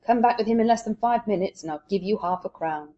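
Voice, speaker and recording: A woman voicing an elated old man, newly generous, who exclaims loudly in a storybook reading. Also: medium pitch, quick pace, pitched above the performer's own voice, close to an everyday voice. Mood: earnest. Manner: loud, exclaiming, breathless joy. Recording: dull lo-fi recording.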